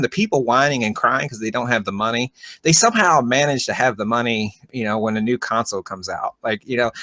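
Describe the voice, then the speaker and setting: A man's voice: mid-range voice, fairly bright tone, dry recording. A man co-hosting a casual podcast, rambling and opinionated, with many fillers. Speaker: podcast co-host.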